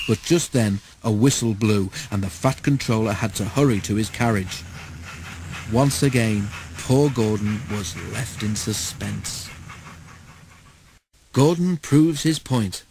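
A man narrating a children's storybook in a steady, measured way. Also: lowish voice, a little hiss or hum, rough recording. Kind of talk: storybook read-aloud.

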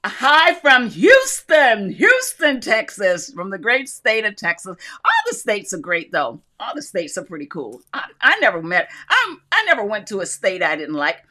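Bright-voiced woman hosting a live craft chat. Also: mid-range voice, sing-song, moderate pace. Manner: chatty and upbeat, laughs often, greets viewers by name. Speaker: host of a live craft stream. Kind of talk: casual live-stream chat, reading viewer comments.

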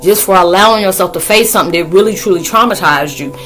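Animated, slangy woman vlogger. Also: lowish voice, fast talker, faint music behind. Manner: loose, animated, slangy, acts out quoted friends. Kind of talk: casual spoken vlog, talking to viewers.

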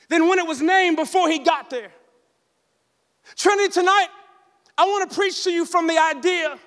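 A man in his forties delivers a sermon in a very high, bright voice, rising to shouts and calling out for the congregation to answer. A long reverb from the church hall trails behind every line. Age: 40s. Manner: shouting, call-and-response preaching. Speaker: pastor. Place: church sanctuary.

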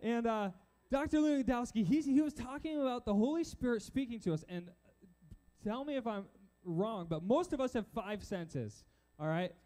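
A young man preaching to a crowd, telling stories with lively quoted voices. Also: very high voice, normal speed. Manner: animated storytelling with quoted voices. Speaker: youth pastor. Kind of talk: sermon. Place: church stage before a crowd.

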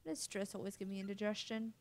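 A woman's voice: mid-range voice, fairly even intonation, fast, close to an everyday voice. A woman reading as a frightened lost schoolgirl. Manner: anxious, talking herself through panic.

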